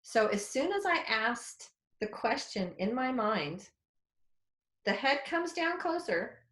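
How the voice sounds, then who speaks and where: A woman in her forties, a psychic development teacher, telling a story in a webinar in a casual, candid, animated way with mild swearing. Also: on the high side, takes it slowly, reverberant.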